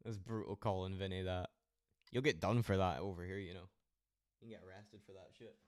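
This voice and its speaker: A man's voice: deep voice, steady tone, fairly quick, dry recording, studio quality. A Scottish man chatting loosely with his stream audience, rambling and swearing freely. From Scotland. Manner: rambling, heavily profane banter. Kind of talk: casual live-stream chat.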